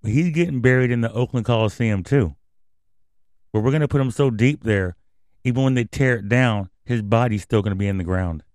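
A man's voice: medium pitch, a little fast, darkish tone, no echo, clean studio sound. A man hosting his own radio show, riffing on news items in blunt, profane, rambling rants. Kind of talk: casual commentary and news reading.

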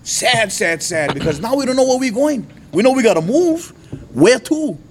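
A man from Hawaii, a preacher giving his testimony, who tells his story with lively jumps in voice and frequent laughter. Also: normal speed, slight background noise. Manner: animated storytelling, voice jumps high and loud when retelling his outbursts; laughs often. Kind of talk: testimony to an audience.

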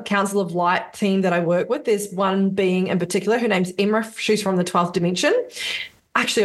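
A woman, a business coach, telling her story in a casual podcast interview, swearing freely and acting out quotes. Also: mid-range voice.

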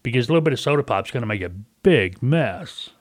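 A man's voice: mid-range voice, lively intonation, fast talker, dry recording, clean studio sound. A middle-aged man hosting a casual talk radio show, telling a folksy story and acting out a caller's lines.

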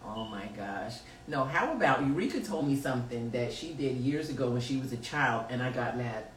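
Reading live chat comments on her podcast, a woman teases and laughs in loose slang, her bass voice carrying lively intonation at a moderate pace. The tone is casual chat, and the recording has a roomy echo, a distant mic, and faint noise.

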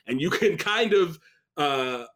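A man talking casually on a podcast, relaxed and rambling, with lots of fillers. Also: a little high, slow pace.

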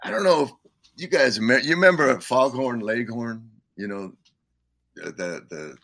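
Gravelly older man telling stories. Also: mid-range voice, lively intonation, unhurried, a bit bright, no echo. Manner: rambling, frequent "you know", laughs often. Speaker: musician guest. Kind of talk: casual storytelling.

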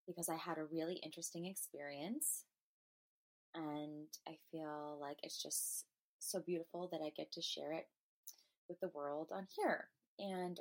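A woman hosts her own podcast and talks at length about her feelings and experiences. She is earnest and emotional, and she wanders with frequent "um"s and restarts. Her voice sits a little low for a woman. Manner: earnest, emotional, meandering with fillers. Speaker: podcast host. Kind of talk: personal spiritual monologue.

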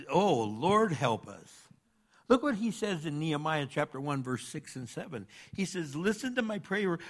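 A man preaching a sermon with a somewhat high voice. He is animated, jumping from loud bursts to quiet asides, and he acts out the people in his stories. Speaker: pastor.

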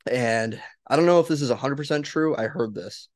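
Relaxed male podcast host chatting casually, swearing freely and laughing easily. His voice sits at a medium pitch. The recording is close and dry, with no room sound. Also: a little fast, dry recording. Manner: laid-back, swears often, laughs a lot. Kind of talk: casual chat.

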